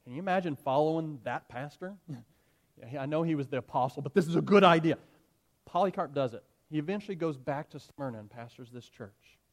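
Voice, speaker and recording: A male pastor preaching to his congregation. His voice is somewhat higher than most men's, and he speaks earnestly and emphatically, turning from storytelling to direct appeals. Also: brisk. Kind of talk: sermon.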